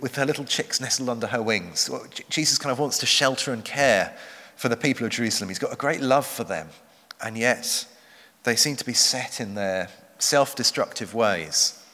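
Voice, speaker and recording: A man preaching a sermon, earnest and measured, slowing down for emphasis. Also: medium pitch, pushed and bright. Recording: long hall reverb.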